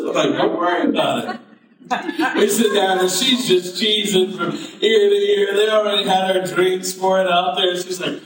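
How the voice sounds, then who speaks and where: Male pastor, somewhat high voice, preaching storyteller, booming hall reverb, set back from the mic. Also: normal speed, fairly bright tone. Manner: storytelling, builds to preaching fervor. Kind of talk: sermon. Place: church sanctuary. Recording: very echoey hall, mic at a distance.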